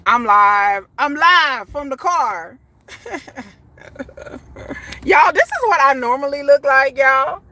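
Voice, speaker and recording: A woman talks to her phone at arm's length from inside a parked car, animated and full of asides to her viewers. Her voice sits a little high and sounds bright and forward. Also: takes it slowly, long pauses. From Texas. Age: 40s. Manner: chatty, animated, often laughs and says y'all. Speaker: vlogger. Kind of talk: casual live-stream chat. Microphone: phone held at arm's length.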